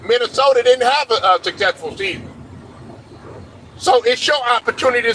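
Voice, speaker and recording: A man's voice: extremely high pitch, fairly quick, pauses often, pushed and bright, low-quality recording. A man hosting a sports show, delivering a blunt, profane, preachy rant with faint traffic noise around him. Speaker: sports commentary host.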